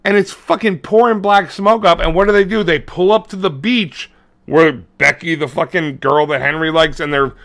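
A man in his forties with a high, bright voice and a gravelly edge, talking fast and crude on a podcast. He swears constantly and slips into squeaky voices when he acts out characters. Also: steady tone. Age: 40s. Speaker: podcast co-host. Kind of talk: crude casual chat retelling a movie.

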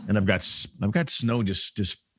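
A man's voice: lowish voice, moderate pace, a bit bright, breathy edge, no echo. A man co-hosting a podcast from his home studio, easygoing and steering the talk between topics. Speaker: podcast co-host. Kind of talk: casual chat.

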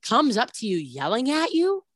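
A woman in casual chat, telling a reality show story in an animated way and acting out what people said. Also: on the high side, moderate pace, no echo, studio quality. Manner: animated storytelling, acts out quotes, many "like"s.

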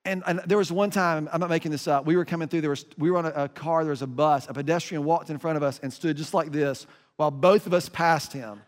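Animated man preaching in a big hall. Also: a little high, fast. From United States. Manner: animated, emphatic, many restarts. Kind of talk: sermon storytelling. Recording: reverberant hall.

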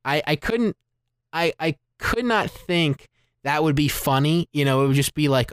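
A man co-hosting a movie podcast, recounting scenes with lively, chatty energy and plenty of "like." His voice is smooth and resonant. The close recording is dry, with no room sound. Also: on the high side, measured pace, dry recording. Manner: animated storyteller, retells scenes with lots of "like". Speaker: podcast co-host, movie reviewer. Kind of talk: casual podcast discussion.

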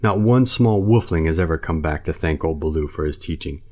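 Baloo, a man doing a deep old bear. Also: fairly quick, a little mellow. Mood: grumbling. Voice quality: solemn, lecturing. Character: old brown bear teacher, stern yet tender. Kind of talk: storybook reading.

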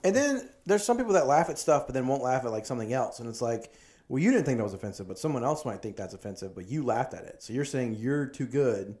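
A man's voice: mid-range voice, lively intonation, quick pace, mellow. A man hosting a podcast, a comedian talking loosely and profanely in casual chat, acting out quoted lines as he goes.

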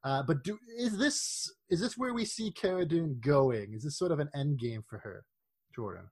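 A man co-hosting a casual podcast chat, animated, laughing often and leading the talk with questions. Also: fairly high pitch, normal speed, slightly rough. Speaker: podcast co-host.

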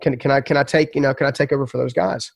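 A man's voice: mid-range voice, steady tone, very fast, gravelly, no room sound, clean studio sound. A man telling his story as a podcast guest, earnest and emphatic, often repeating words.

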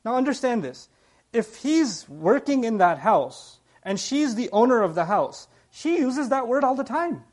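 Guy with a high voice preaching, animated storyteller, acts out the lines, unpacks word meanings. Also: a little slow. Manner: explains word meanings in detail. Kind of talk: nightly sermon.

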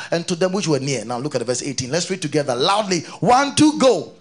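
A man preaching a sermon, reading scripture aloud and keeping on questioning his congregation in an animated way. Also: high-pitched, vocal fry, breathy edge. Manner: reads scripture aloud between explanations.

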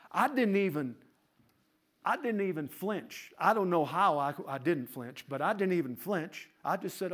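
Animated preaching man telling a story. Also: fairly high pitch. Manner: animated storyteller, rising to laughing shouts. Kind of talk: sermon testimony.

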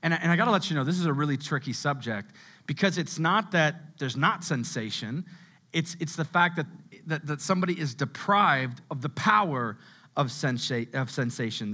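A young adult man preaching a sermon in a conversational style, repeating words as he goes and dropping to a low hush on key words. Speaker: pastor.

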